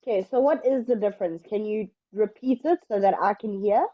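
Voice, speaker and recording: A woman teaching English in an online lesson, explaining step by step in a patient, slow way. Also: mid-range voice, lo-fi sound.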